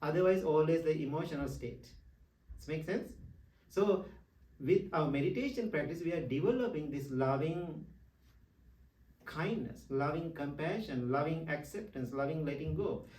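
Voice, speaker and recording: A middle-aged man who is a Buddhist monk, giving a dharma talk in broken English learned as a second language, animated and laughing often. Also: on the high side, normal speed, a little hiss or hum. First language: not English. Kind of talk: dharma talk with personal stories. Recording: roomy hall, distant mic.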